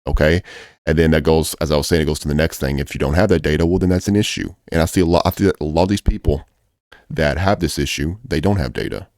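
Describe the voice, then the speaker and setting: A man's voice: a bass voice, fast, darkish tone, dry recording, studio quality. A man coaching traders in a casual video, blunt and profane, hammering his points home by repeating them. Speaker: trading coach. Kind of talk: casual trading advice video.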